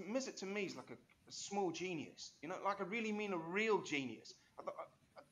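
A man's voice: fairly high pitch, a little hiss or hum. A man, an interview guest telling rambling, enthusiastic stories full of restarts and asides. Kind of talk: animated storytelling interview.

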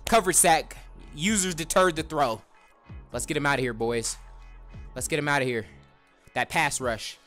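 A man hosting a gaming video, giving excited gameplay commentary, shouting at big plays and trash-talking in slang. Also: on the high side, normal speed, pauses often, soft background music.

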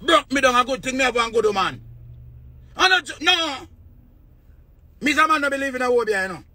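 High, bright-voiced Jamaican man ranting. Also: lively intonation, rapid-fire. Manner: rambling, repetitive, swears often. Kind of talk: casual rant to viewers.

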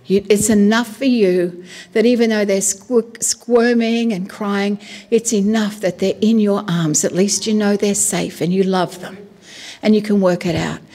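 A middle-aged woman pastor preaching a sermon in a chatty, animated way, full of asides and "you know". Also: mid-range voice, a little slow. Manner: conversational with frequent "you know".

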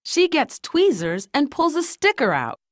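A woman reading a children's storybook aloud in a gentle, lilting read-aloud manner. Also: high-pitched, huge pitch swings, unhurried, no room sound, studio quality. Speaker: storybook narrator.

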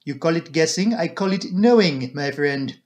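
A man voicing a grave, self-assured male detective in an audiobook reading, speaking in a precise, deliberate, stern way. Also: on the high side, animated, lightly acted.

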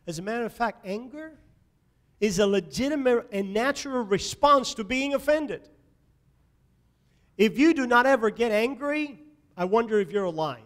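A man delivers a Sunday sermon from the pulpit, his voice sitting high for a man. He preaches emphatically, punching some phrases loudly and dropping others to a near murmur. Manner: emphatic preaching with sharp swings between loud and soft. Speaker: pastor. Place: church sanctuary.

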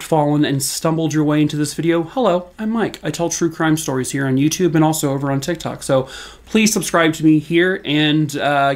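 A young man telling true crime stories in a casual, chatty vlog, full of fillers and slightly hoarse as he loses his voice. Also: mid-range voice. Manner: chatty, filler-heavy, self-deprecating.

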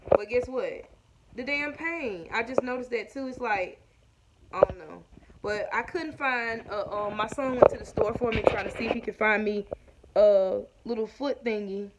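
A woman's voice: a little high, moderate pace, very noisy. A woman, chatting casually to her viewers at home, a bit short of breath. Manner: chatty, addresses viewers as y'all. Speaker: vlogger. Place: at home indoors.

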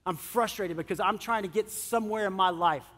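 A middle-aged male pastor preaching a sermon, animated, swinging between loud emphasis and soft, earnest moments. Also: high voice, fairly quick. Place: church sanctuary. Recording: long church hall reverb.

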